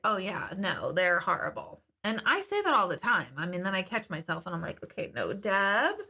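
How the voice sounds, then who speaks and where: A woman's voice: mid-range voice, creaky, sharp tone. A middle-aged woman hosting a casual live stream, chatting candidly and reading viewer comments, with the occasional swear word.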